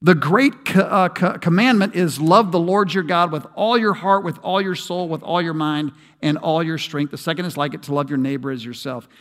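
A middle-aged man preaching a sermon, emphatic and animated, with folksy asides. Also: on the high side, moderate pace, hardly any pauses. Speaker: pastor. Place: large church sanctuary. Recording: long hall reverb.

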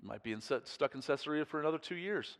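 A man's voice: fairly high pitch, expressive, fast talker, a bit bright. A male pastor preaching in a chatty, storytelling way, often breaking off mid-thought and chuckling. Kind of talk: conversational sermon storytelling. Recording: long hall reverb.

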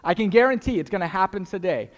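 A young pastor preaches a sermon earnestly and emphatically, animated and fast, repeating key phrases for effect. His fairly high voice rings out with a long reverb through a large church hall.

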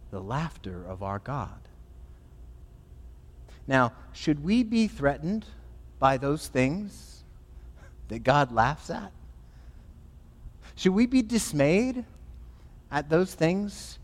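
A man, a pastor, preaching a sermon in an animated, emphatic way. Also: a little high, long reverb tail.

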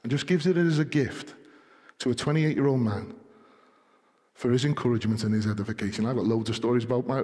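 A man's voice: medium pitch, a little mellow, slightly rough, big-room sound. A man preaching a sermon to his congregation, telling stories and building to emphatic appeals. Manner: storytelling, rising to emphatic exhortation. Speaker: pastor. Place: church.

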